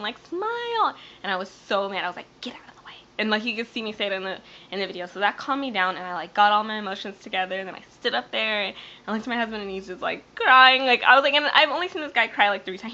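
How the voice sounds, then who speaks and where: A young woman speaks to camera in a bright, sharp voice, near tears as she rambles through a personal story. Her talk is full of fillers, restarts and breaks. The sound is dull and lo-fi, as from a webcam. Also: medium pitch. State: teary, near crying. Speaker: vlogger.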